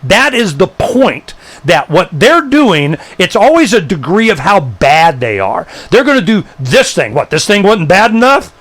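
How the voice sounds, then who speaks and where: A man hosting a live talk show, ranting in a blunt, emphatic way. His voice sits high for a man and swings widely as he spins one story into the next. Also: big pitch swings, a little slow, fairly bright tone.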